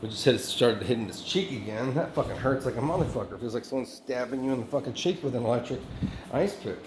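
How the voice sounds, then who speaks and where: Man rambling in an echoey, noisy room. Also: mid-range voice. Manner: profane, halting, many restarts and fillers. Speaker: vlogger. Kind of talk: rambling self-recorded monologue.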